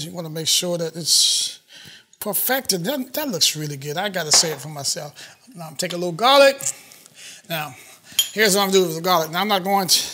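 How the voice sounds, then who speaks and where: A man's voice: sits high, pushed and bright, slight background noise. A man hosting a cooking demonstration, chatty and enthusiastic, talking straight to the viewers as he cooks. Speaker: chef hosting a cooking show.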